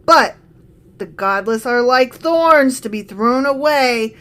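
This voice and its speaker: A woman's voice: high-pitched, lively intonation, slow, a bit bright. A woman co-hosting a casual podcast, reading scripture aloud and joking about it as she goes. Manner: chatty and joking, laughs often. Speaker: podcast co-host.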